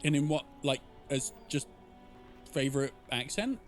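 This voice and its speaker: A man's voice: mid-range voice, animated, measured pace, faint music behind. A man streaming a game live, chatting casually and joking with viewers, with profanity here and there. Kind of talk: live game playthrough with chat.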